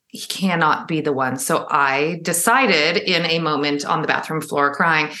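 Woman with a low voice in an echoey room. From Los Angeles area. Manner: animated, laughs often, acts out quoted voices. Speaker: guest, author. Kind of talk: personal storytelling in a conversation. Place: room in her father's house.

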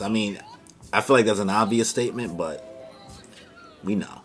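Husky low-voiced man reacting excitedly. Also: normal speed, faint music behind. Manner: excitable, slangy, exclaiming reactions. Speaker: manga chapter reviewer, channel host. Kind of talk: casual reaction review. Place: home recording room. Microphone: camera setup at home.

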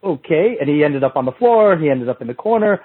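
Expressive and brisk, a middle-aged podcast guest with a somewhat high, husky voice shares rambling anecdotes in a casual storytelling chat. He keeps restarting and does voices for the people he quotes, heard through a thin, phone-like remote feed.

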